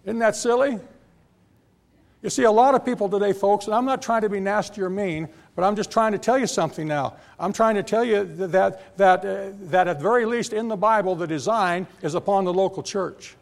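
Gravelly high-voiced preacher, repeating himself. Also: male voice, fairly quick. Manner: emphatic, repetitive, stammering restarts. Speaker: pastor. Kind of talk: sermon. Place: church sanctuary.

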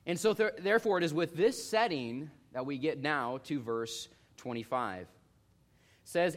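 A young man with a slightly high voice preaches an expository sermon at a moderate pace. He tells the story in a lively way, acting out the voices of its characters.

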